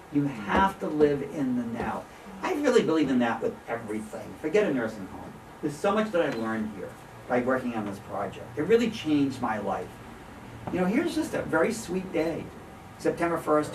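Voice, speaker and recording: Speaking at medium pitch, a middle-aged photographer entertains a small gallery audience with a casual slide talk, acting out quoted voices and laughing a lot. The distant room recording is echoey and has background noise.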